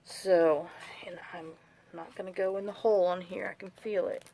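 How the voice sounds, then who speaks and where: A woman's voice: on the low side, steady tone, moderate pace, vocal fry, dark tone, slight background noise. Chatty woman venting while crafting. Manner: chatty, rambling storyteller, venting complaints. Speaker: journal-making craft vlogger. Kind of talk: casual chat while crafting.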